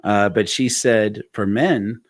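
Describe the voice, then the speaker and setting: A man's voice: lowish voice, takes it slowly, no room sound, studio quality. A man hosting a podcast, telling a story in casual conversation with lots of fillers and restarts. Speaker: podcast host.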